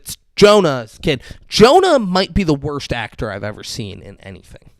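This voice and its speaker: Animated profane man recapping TV. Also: mid-range voice, a little fast, no room sound, clean studio sound. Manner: animated, profane, laughing retellings. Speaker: podcast co-host. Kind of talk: casual TV recap chat.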